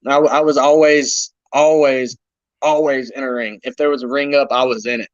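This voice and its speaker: A man being interviewed, telling animated wrestling-road stories in casual chat with playful humor. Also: medium pitch, normal speed, no echo. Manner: animated storyteller, self-deprecating humor. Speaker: wrestler guest. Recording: dull lo-fi dry sound.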